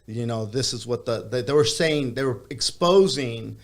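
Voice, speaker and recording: A man's voice: mid-range voice, moderate pace. A man as a podcast guest, telling a long story in casual chat with many hesitations. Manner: meandering storytelling with frequent hesitations.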